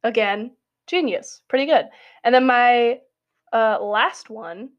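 A woman's voice: a little high, slow pace, highs cut off. A young adult woman, a college student, talking through a casual spoken essay in a chatty, giggly way full of "like" fillers. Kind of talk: casual monologue.

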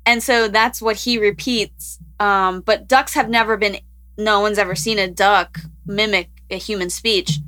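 A woman's voice: mid-range voice, steady tone, a little slow, pushed and bright. A woman co-hosting a podcast, chatting casually and rambling through science news with frequent laughs.

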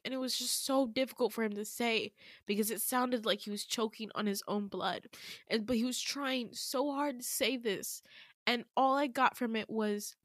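A young woman hosting a podcast, retelling her dream in casual chat, full of "like" and quick laughs. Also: a little high, no room sound, studio quality. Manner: chatty, full of "like", laughs often. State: tearful, emotional. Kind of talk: casual storytelling.

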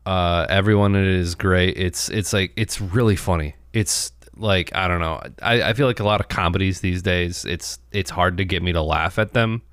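A man's voice: low voice, moderate pace, few pauses, fairly bright tone, clean tone, no echo, studio quality. A man hosting a podcast, chatting casually about movies and rambling with frequent restarts. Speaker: podcast host.

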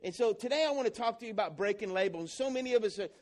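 A pastor with a notably high voice delivers a rousing sermon in church. He keeps the congregation involved, asking questions and waiting for them to answer. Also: animated, very fast, a little mellow. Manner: rousing, asks the congregation call-and-response questions.

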